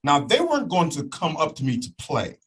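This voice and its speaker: Lively husky man telling a story. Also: on the high side, fairly quick, rough recording. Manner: lively, acts out voices and sounds, checks in with "okay?". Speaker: guest telling a personal testimony. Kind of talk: animated storytelling.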